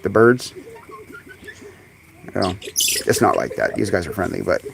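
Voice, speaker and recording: A man hosting a casual live stream outdoors among his birds, chatting away and calling to them in high coaxing tones, recorded on a phone. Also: sing-song, unhurried, gravelly, noisy background. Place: outdoors in a bird yard on a sunny day. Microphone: phone camera.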